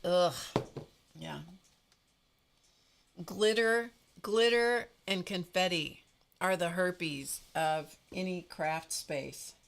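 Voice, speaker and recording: A woman hosting a live craft stream, chatting casually and telling an animated story to her viewers. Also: on the low side, slow, gravelly. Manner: animated storytelling, greets viewers by name, frequent laughs.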